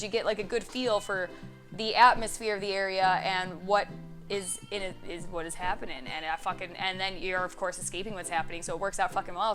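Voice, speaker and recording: A young woman chatting casually to camera as a vlogger, swearing freely and laughing as she tells stories. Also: mid-range voice. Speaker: YouTube vlogger.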